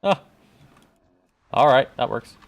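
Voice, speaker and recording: A man's voice: mid-range voice, lively intonation, takes it slowly, creaky. A man chatting casually while streaming a game, joking and talking back to enemies on screen. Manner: joking, talks to game enemies, hums along. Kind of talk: casual gameplay commentary.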